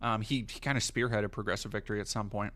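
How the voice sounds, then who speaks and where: A man's voice: on the low side, steady tone, quick pace, bright, forceful tone. A man from the United States hosting a livestream, talking casually in a rambling, profane way with many fillers and restarts. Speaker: livestream host.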